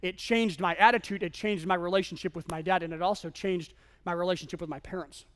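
A man preaching a sermon as an animated, self-mocking storyteller who acts out the dialogue in his stories. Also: sits high, fast. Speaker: pastor.

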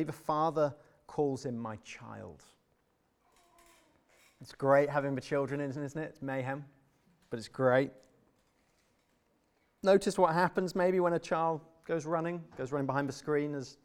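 A young adult man preaching a sermon in an earnest, emphatic way, sometimes dropping to a soft, tender tone. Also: mid-range voice.

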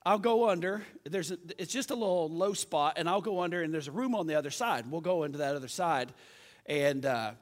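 A man's voice: fairly high pitch, lively intonation, brisk, pitched below the performer's own voice, close to an everyday voice. Man quoting a reckless teen boy, breezy and unbothered, echoey hall. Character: reckless adventurous teenage boy friend.

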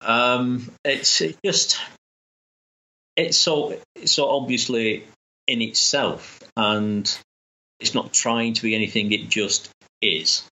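A man's voice: mid-range voice, takes it slowly, pushed and bright, lo-fi sound. A man chatting enthusiastically as a guest, rambling with restarts. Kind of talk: casual chat.

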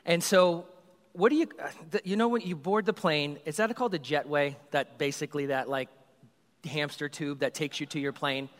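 A man, a youth group leader, telling a comedic story in an animated, rambling way and acting out the scenes. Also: fairly high pitch, normal speed. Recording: reverberant hall.

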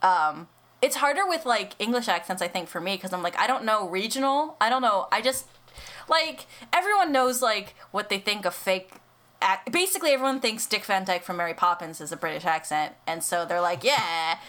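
A woman's voice: medium pitch, lively intonation, fairly quick, a bit bright. A young American woman co-hosting a casual podcast, chatty and giggly with lots of fillers and restarts. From United States. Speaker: co-host.

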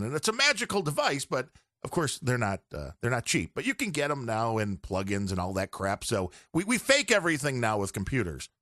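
A man's voice: medium pitch, sharp tone, no room sound, clean studio sound. A man guesting on a podcast, chatting casually and rambling on about audio gear.

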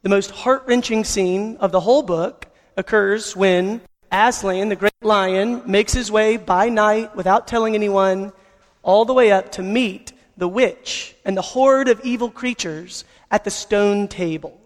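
An earnest man preaching a sermon, telling stories to his congregation. His voice sits high for a man. A long hall reverb trails every phrase. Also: a little slow. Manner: earnest, storytelling. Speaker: pastor.

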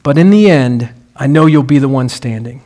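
A preacher quoting a grave old boxing trainer. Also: male voice, mid-range voice, expressive, moderate pace, warm tone, voice pushed down, natural voice. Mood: solemn. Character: older male boxing trainer, grave and fatherly.

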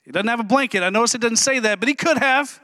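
High, bright-voiced joking pastor man. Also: fast talker, no room sound. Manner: humorous, animated preaching with asides to the congregation. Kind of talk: sermon.

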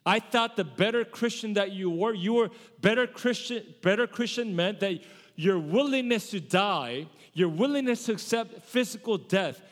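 A man's voice: high voice, lively intonation, moderate pace. Man preaching in a reverberant hall. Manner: conversational preaching with self-corrections. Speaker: pastor. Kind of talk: sermon.

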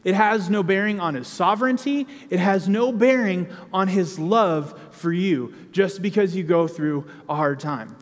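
A man delivers a sermon in a chatty, personal way, now and then breaking into emphatic bursts. His voice sits high for a man. The sound carries the long reverb of a large hall. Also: a little slow, few pauses. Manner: conversational preaching with emphatic outbursts. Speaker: preacher.

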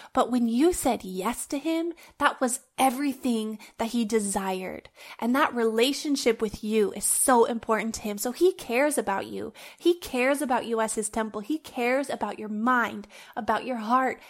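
A woman's voice: on the high side, a little slow. A woman hosting a faith-based podcast, talking in an earnest, heartfelt, conversational way and recording at home on her phone. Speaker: podcast host.

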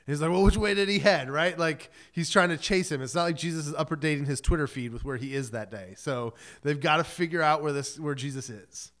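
A man's voice: a little high, brisk, few pauses, a bit bright. A man pastor giving a sermon in a casual, joking storyteller manner. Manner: casual, joking storyteller who acts out quotes.

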